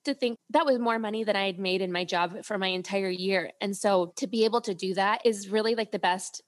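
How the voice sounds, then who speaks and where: A woman's voice: mid-range voice, a little fast. A woman in her thirties chatting as a guest on an interview show. She gushes in a casual, earnest way and fills her talk with "like". She turns emotional as she talks. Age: 30s. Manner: gushing, heavy use of "like", gets emotional. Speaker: guest, beauty influencer and brand founder.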